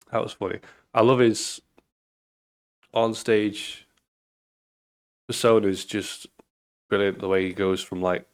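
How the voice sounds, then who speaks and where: A man's voice: low-pitched, smooth. A British man with a blocked nose, chatting casually as host of a comedy reaction channel. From Britain. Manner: rambling, easygoing. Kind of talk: casual chat.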